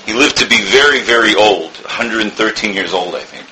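Earnest bright-voiced rabbi. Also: male voice, fairly low pitch, brisk, rough recording. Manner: earnest, storytelling, mixes Hebrew and Yiddish terms. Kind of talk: Torah talk storytelling.

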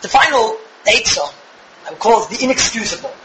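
A young man giving an animated religious lecture to a live audience, firing rhetorical questions with bursts of shouting. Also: sits high, brisk, roomy sound, a little hiss or hum, rough recording. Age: young adult. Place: room with an audience.

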